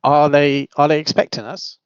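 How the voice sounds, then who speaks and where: A man's voice: on the high side, little pitch movement, moderate pace, clear, resonant tone, dry recording, natural voice. A man voicing an upbeat, friendly male agent in a tabletop role-play. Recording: dull, lo-fi mic.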